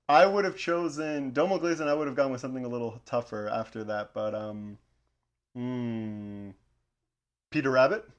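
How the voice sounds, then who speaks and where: A man co-hosting a casual podcast, running a movie trivia game with lively banter and frequent laughter. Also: medium pitch, moderate pace, lo-fi sound. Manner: animated, laughs often, calls his co-host "Twin". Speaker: podcast co-host.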